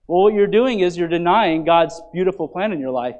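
A pastor in full sermon mode, his fairly high voice sinking to near-whispered asides before climbing into loud, driving emphasis. He talks to the congregation directly, tossing in quick "right?" and "you see?" checks. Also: lo-fi sound. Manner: swings from soft and low to loud and emphatic preaching.

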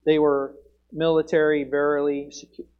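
A man preaching a sermon, moving between relaxed Bible teaching and loud proclaiming. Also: normal speed, smooth. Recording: muffled low-fidelity sound.

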